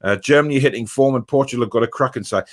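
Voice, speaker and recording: A man's voice: mid-range voice, very fast. Chatty man in his forties. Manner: chatty, jokey storyteller, frequent fillers. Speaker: podcast host reading viewer comments. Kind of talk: casual chat.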